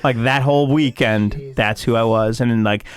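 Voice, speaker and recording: A male comedian from Chicago telling stories in casual podcast chat, animated and profane, acting out quotes in a raised voice. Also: medium pitch, moderate pace. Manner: animated storyteller, swears freely, acts out quotes in a raised voice. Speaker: comedian guest.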